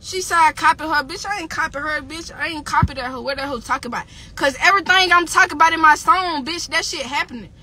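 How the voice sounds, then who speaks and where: A woman with a high, bright, piercing voice rants on a livestream. She is heated and profane, and she loops the same jabs again and again. The delivery is loose and unscripted. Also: fast talker, few pauses, a little hiss or hum. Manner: heated, profane, repeats insults. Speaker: rapper on a livestream. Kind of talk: angry livestream rant.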